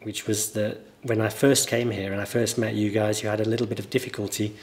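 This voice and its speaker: A man with a mild northern English accent, a teacher giving a relaxed guest interview and telling stories thoughtfully at length. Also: lowish voice, fairly quick. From northern England. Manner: thoughtful, anecdotal, explains at length.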